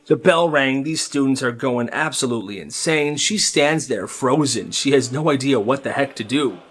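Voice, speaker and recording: A man narrating storytime anecdotes in a lively, casual way, with his own comments on them. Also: medium pitch, moderate pace.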